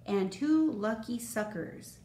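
A woman's voice: on the high side, animated, slow pace, mellow. A woman voicing an eager, clever young girl in a storybook, upbeat and keen. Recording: roomy echo, faint noise.

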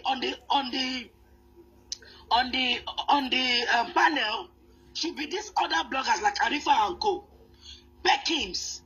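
A woman's voice: high-pitched, a bit bright, breathy edge, lo-fi sound. A woman hosting a commentary show, speaking earnestly with many restarts and fillers. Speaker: host. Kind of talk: commentary on celebrity news.

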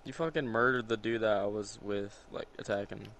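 A man trading jokey, excitable banter with a friend during casual gameplay chat. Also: lowish voice, a little fast, slight background noise. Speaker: gaming friend.

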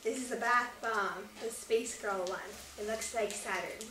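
A woman's voice: medium pitch, steady tone, measured pace. A young woman co-hosting, giggling and making brief remarks. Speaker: co-host. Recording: echoey room from far off, faint noise.

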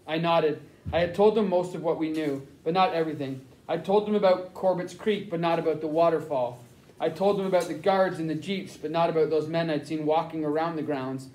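A man narrating a novel in the first person with steady storytelling. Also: on the high side, a little fast. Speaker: audiobook narrator. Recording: roomy echo.

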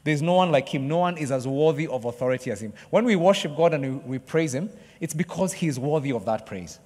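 Animated preacher in a reverberant hall. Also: male voice, a little high, fast talker. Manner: lively, jokes with the congregation, acts out excited fans. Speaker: pastor. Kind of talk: sermon. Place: church hall.

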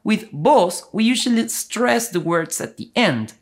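Lively Argentinian woman teaching. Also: mid-range voice, measured pace. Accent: Argentinian Spanish. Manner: explains clearly, switching between English and Spanish examples. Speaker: Spanish teacher. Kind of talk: language lesson.

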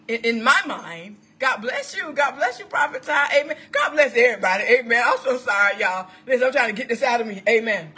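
A woman prophetess preaching an impassioned online sermon into a computer microphone. She is fervent and exclamatory, swinging between shouts and hushed asides. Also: on the high side, expressive, normal speed, husky.

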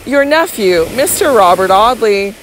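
A woman's voice: medium pitch, expressive, measured pace, a little hiss or hum, close to an everyday voice, rough recording. A woman reading an audiobook voices a young Victorian lady who speaks hesitantly and pleadingly. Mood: anxious. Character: young Victorian lady, fragile, anxious and scheming.

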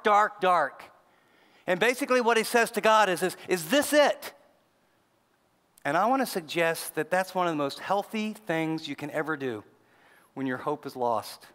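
Man preaching in a big reverberant hall. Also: on the high side. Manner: conversational preaching, acts out quoted voices, shifts between loud and soft. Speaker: pastor. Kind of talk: sermon. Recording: long reverb of a large hall.

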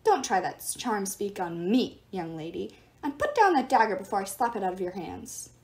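A woman's voice: mid-range voice, big pitch swings, normal speed. A woman voicing a fussy, irritable male statue god who shrieks in a prim teacher voice. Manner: shrieking, loud outbursts.

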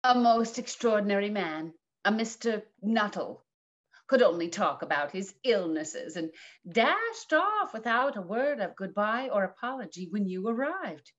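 A woman's voice: mid-range voice, very animated, a little slow, lo-fi sound. Woman as a chatty country hostess. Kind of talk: stage reading.

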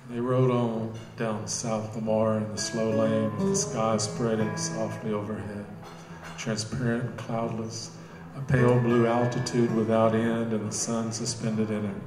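A male author narrating his fiction at a live reading, steady and measured. A guitarist plays along, and the cafe room adds a noticeable echo. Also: fairly low pitch. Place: bookstore cafe.

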